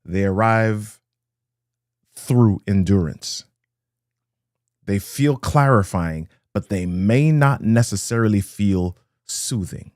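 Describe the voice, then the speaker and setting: Male motivational speaker, lower register, rhythmic and repetitive delivery, dry close recording. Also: expressive, takes it slowly, darkish tone, no room sound. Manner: rhythmic, repeats key lines, greets viewers. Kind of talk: live-streamed motivational talk.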